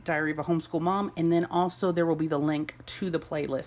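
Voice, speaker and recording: Gushing homeschool mom, lower voice. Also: female voice. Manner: gushing, gasping with delight. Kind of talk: excited unboxing vlog.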